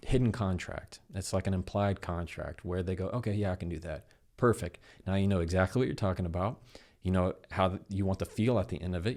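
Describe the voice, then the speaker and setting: A man, a podcast guest, explaining how to handle difficult conversations and acting out bits of dialogue as he goes. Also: low voice. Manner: animated, acts out dialogue in quoted voices. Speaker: guest, communication expert. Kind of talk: conversational explanation with acted examples.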